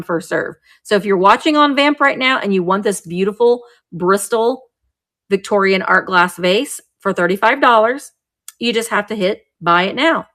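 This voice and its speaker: With a mid-range, fairly bright voice, a woman runs a live vintage sale, picking up items one by one and talking through each in a chatty way.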